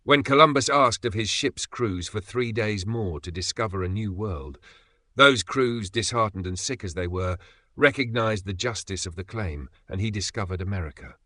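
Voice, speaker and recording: A man's voice: on the low side, normal speed, pushed and bright, no echo. A man reading an audiobook, voicing a stubborn, domineering old male professor who speaks in a commanding, scornful way. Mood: persuasive. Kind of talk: audiobook character voice.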